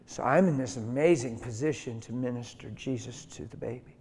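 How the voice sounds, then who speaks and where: A man's voice: medium pitch, normal speed, hardly any pauses, darkish tone, a little hiss or hum. A man preaching a sermon as a story, emphatic and conversational, acting out the voices of the people in it. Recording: hall reverb.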